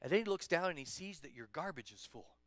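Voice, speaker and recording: A man teaching a children's church lesson in a playful, animated storytelling manner. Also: a little high, quick pace, no room sound. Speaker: children's pastor.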